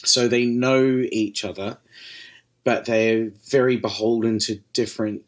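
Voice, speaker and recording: A man's voice: lowish voice, steady tone, unhurried. A man with a New Zealand accent, a podcast guest telling stories in a casual chat, swearing freely and laughing often. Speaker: podcast guest, distillery managing director. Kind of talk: casual conversational storytelling.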